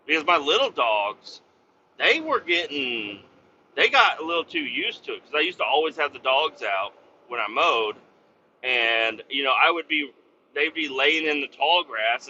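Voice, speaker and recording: Bright-voiced man rambling profanely. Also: medium pitch, lo-fi sound, slight background noise. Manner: profane, rambling, full of fillers. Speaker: podcast host. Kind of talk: casual rambling monologue.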